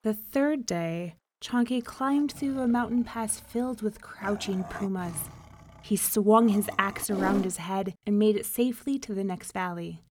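A woman reading a folk tale aloud as storybook narration, calm and measured. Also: mid-range voice, noisy background.

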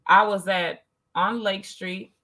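A woman's voice: mid-range voice, steady tone, takes it slowly, bright, forceful tone. A woman in casual conversation, telling stories animatedly and acting out quoted exchanges.

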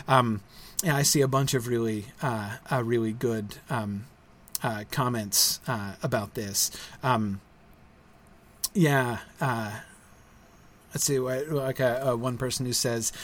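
A middle-aged school founder with a medium-pitched, fairly bright voice talks casually to viewers on a livestream. Halting and filler-heavy, he restarts often and frequently closes a point with a tag question.

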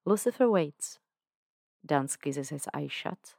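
Woman with a low voice reading fanfic slowly on a podcast, calm and measured, dry sound. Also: no echo. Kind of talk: reading fan fiction aloud.

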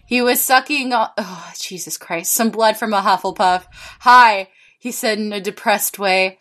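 A woman's voice: mid-range voice, normal speed. A woman co-hosting a comedy podcast, reading fan fiction aloud and interrupting herself with exasperated comments. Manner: reads in a flat, exasperated voice and keeps stopping to mock the text.

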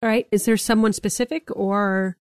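A woman's voice: mid-range voice, steady tone, moderate pace, clean tone, no echo. A young woman narrating as game master, describing scenes in detail and filling with "like" and "kind of.".

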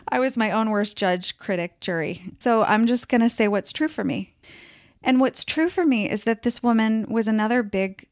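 A woman's voice: on the high side, moderate pace, no room sound, clean studio sound. Chatty woman telling a personal story. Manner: chatty, many fillers, acts out quoted voices. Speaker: podcast guest telling her story. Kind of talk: casual interview storytelling.

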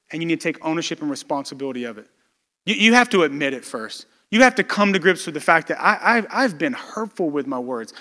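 Bright-voiced pastor preaching in a hall. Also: male voice, sits high. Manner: conversational preaching with storytelling and repeated restarts. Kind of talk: sermon.

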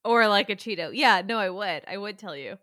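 A young woman in her twenties in casual chat, reacting quickly with laughs and blunt asides. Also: medium pitch, animated, a bit bright, no echo, studio quality. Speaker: podcast co-host.

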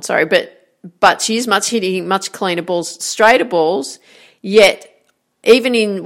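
Gravelly-voiced woman coaching. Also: lowish voice, a bit bright. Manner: encouraging, repeats "right?" and "guess what?". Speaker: golf and life coach. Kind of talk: motivational talk to camera.

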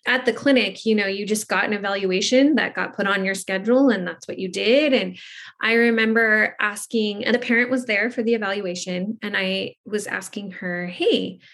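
A woman hosting a podcast, telling a story from her own work in a casual way, often fading softly at the ends of her thoughts. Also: medium pitch, moderate pace.

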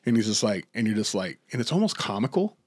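A man co-hosting a podcast, chatting casually about movies, rambling with lots of restarts and fillers and getting excited as he goes. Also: fairly low pitch, fast talker, slightly rough. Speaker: podcast co-host.

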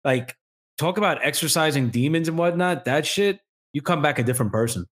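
Animated, foul-mouthed man telling stories. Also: fairly high pitch, brisk. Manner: animated, profane, rambling storytelling. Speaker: podcast co-host. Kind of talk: casual chat.

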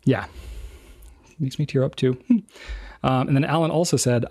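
A man with a mid-pitched voice co-hosts a relaxed chat show. He reads viewer comments aloud in a joking, self-deprecating way and laughs often. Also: moderate pace, long pauses. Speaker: co-host.

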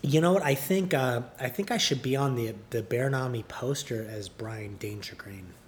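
Deadpan rambling man from Canada. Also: mid-range voice, moderate pace, slight background noise. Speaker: podcast guest. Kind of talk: casual joking chat.

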